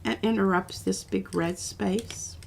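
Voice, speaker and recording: Female craft-stream host, gravelly, chatty, slight background noise. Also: medium pitch, fairly even intonation, a little slow. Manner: chatty, rambling, with restarts. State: coughing now and then. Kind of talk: casual crafting demo.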